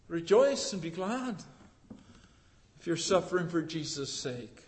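An older man preaching a sermon with passion, swinging from hushed tones to shouts. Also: sits high, big-room sound.

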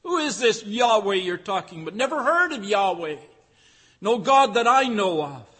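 A man's voice: sits high, sing-song, normal speed, fairly bright tone, husky, heavily acted. Brief: a man putting on a dismissive old king, sneering, voice ringing through a big hall. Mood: scornful. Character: scornful ancient king, male, dismissive and proud.

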